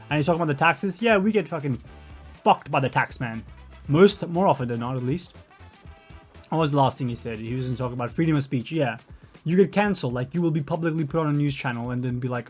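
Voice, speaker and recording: A man's voice: a little high, expressive, fast talker, faint music behind. A young man with an Australian accent giving rambling, sarcastic, sweary reaction commentary. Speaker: commentary streamer.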